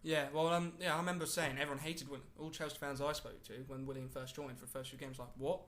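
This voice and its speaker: A man's voice: on the high side, little pitch movement, quick pace, a bit bright. A man co-hosting a casual football podcast, talking in a rambling way with many fillers. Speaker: podcast co-host.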